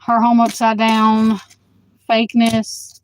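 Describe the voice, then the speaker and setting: A woman reading tarot for a live online audience talks in a loose, chatty way. She is blunt and outspoken, swears freely and flares up quickly when viewers provoke her. Her voice sits a little high, with a faint hiss behind it. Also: monotone, rough recording. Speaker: tarot reader. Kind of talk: casual livestream chat.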